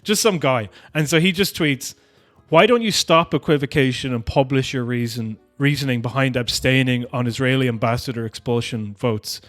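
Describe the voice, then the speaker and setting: A man hosting a podcast in casual chat, animated and sweary, with a mocking edge. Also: mid-range voice, normal speed, faint music behind. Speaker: podcast host.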